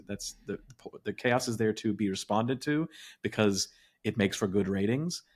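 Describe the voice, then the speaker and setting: A man co-hosting a podcast in casual chat, reflective and wry, often restarting his sentences as he thinks aloud. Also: lowish voice. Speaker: podcast co-host.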